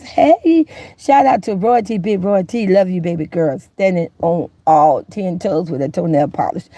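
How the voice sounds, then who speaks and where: A chatty woman hosts her live stream in a quiet room, folksy and talking straight to her viewers. Her voice is gravelly and mellow, and the sound is dry and close. She greets the chat and keeps the talk loose. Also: mid-range voice, no echo. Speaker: YouTube commentary host.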